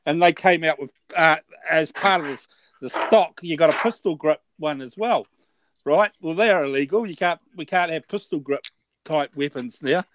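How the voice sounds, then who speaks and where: A man with a New Zealand accent chatting casually, halting and restarting his sentences often. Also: a little high, background noise. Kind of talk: casual chat.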